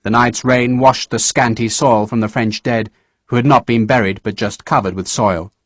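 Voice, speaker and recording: A man narrating a historical novel audiobook in a measured storytelling manner. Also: mid-range voice, fairly even intonation, no echo. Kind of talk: scripted narration.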